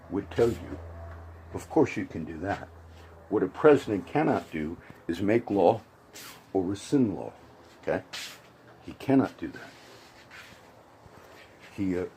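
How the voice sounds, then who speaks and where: A man's voice: lowish voice, dark tone, a little hiss or hum, poor audio. A man giving a casual, rambling spoken commentary with frequent restarts and asides. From grew up around Puerto Rican and Cuban friends.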